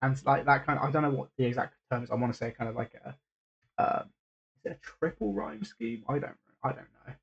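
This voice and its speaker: A man's voice: mid-range voice, lively intonation, brisk, vocal fry, slightly rough, highs cut off. A man hosting a reaction video, talking casually and hesitantly with lots of fillers and restarts.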